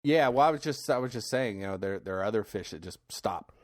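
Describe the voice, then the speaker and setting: A man co-hosting a casual podcast, relaxed and quick to laugh, with hesitant fillers. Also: fairly low pitch, dry recording, studio quality. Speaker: podcast co-host. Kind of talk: casual chat.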